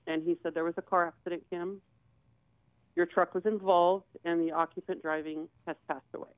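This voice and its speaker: A woman's voice: medium pitch, no room sound, narrow, tinny audio. A woman guest on a talk show, telling a personal story and retelling conversations in quoted dialogue.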